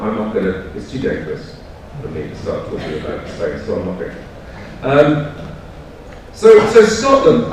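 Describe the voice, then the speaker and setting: A man's voice: mid-range voice, a little hiss or hum. British man lecturing in an echoey hall. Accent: British English. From United Kingdom. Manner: loose, anecdotal, frequent fillers and self-corrections. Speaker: conference speaker. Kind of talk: live talk to an audience. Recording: echoey hall, speaker far from mic.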